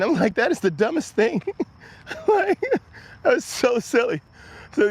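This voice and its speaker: A man with a high voice hosts a relaxed livestream chat. He rambles through viewer questions and breaks into laughter often. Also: normal speed, long pauses, husky. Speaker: livestream host reading chat.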